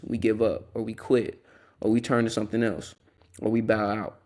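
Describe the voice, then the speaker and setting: A man's voice: fairly low pitch, fairly even intonation, brisk, a little mellow. A young man hosting a Christian podcast, talking earnestly in a rambling, casual way with restarts and asides. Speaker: podcast host.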